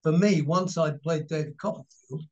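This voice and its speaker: An English man in his sixties, a guest actor telling animated stories and laughing through an interview. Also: fairly high pitch, normal speed. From England. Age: 60s. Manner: animated storyteller, laughing, mimicking others. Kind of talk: casual anecdotal interview. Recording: dull lo-fi recording.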